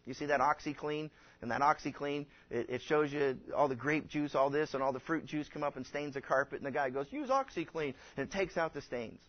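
A man's voice: fairly high pitch, fairly even intonation, brisk. A man preaching a conversational sermon as a pastor, folksy and rambling, acting out the people he quotes. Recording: dull lo-fi recording.

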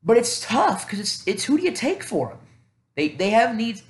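A man's voice: very high voice, sing-song, moderate pace, echoey room. A man hosting a casual solo podcast, thinking aloud in a rambling, self-deprecating way with many fillers. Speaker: podcast host.

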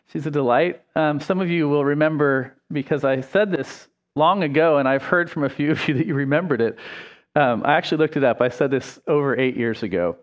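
A middle-aged man, a pastor, preaching a conversational sermon in a casual, chatty way, full of ums and quick self-corrections. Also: a little high.

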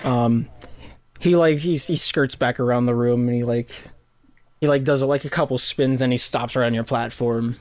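A game master narrating a tabletop role-playing scene, halting and full of fillers. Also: mid-range voice, steady tone.

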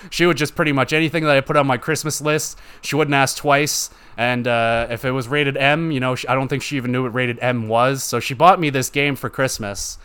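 Young guy rambling on his gaming podcast, swears a ton, smooth clear voice. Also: medium pitch, fairly bright tone. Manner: rambling, profane, heavy use of "like". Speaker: podcast host. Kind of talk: casual solo gaming podcast.

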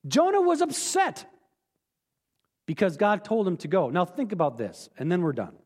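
Brief: male pastor, high animated delivery, earnest and blunt, echoey sanctuary. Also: moderate pace. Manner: earnest, candid, emphatic, with sudden drops to quiet. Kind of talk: sermon. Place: church sanctuary.

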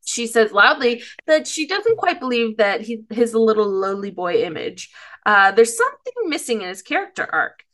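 A woman's voice: fairly high pitch, sing-song, normal speed, a bit bright. A woman casually recapping an episode, rambling and giggly, often losing her place. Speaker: podcast co-host.

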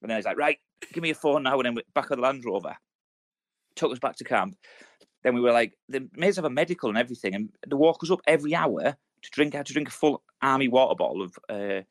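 Brisk male podcast co-host, swears freely, acts out quotes. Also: medium pitch, lively intonation. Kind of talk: casual chat.

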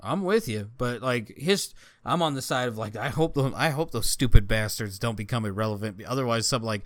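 A man chatting casually and swearing freely as he tells a story with animated energy. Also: medium pitch, brisk, no room sound. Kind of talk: casual chat.

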